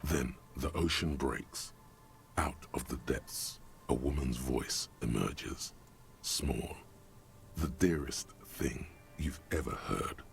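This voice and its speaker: A man voicing a brooding game narrator, speaking in slow, ominous second person with a deep, gravelly voice. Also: slight background noise, heavily acted. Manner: slow, ominous, dramatic pacing. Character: brooding omniscient male narrator voice.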